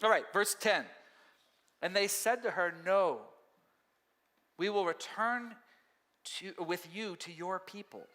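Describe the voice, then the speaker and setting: A man preaching in a church sanctuary, his high, bright voice carrying a long reverb through the hall. He talks conversationally and animatedly, often slipping into the voices he quotes. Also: slow pace, pauses often. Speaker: pastor. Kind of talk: sermon.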